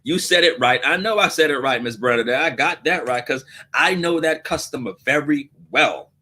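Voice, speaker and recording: Guy hosting a live q&a, high bright voice, jokey and animated. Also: normal speed. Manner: animated, joking, laughs often. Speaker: host. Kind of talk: live Q&A show.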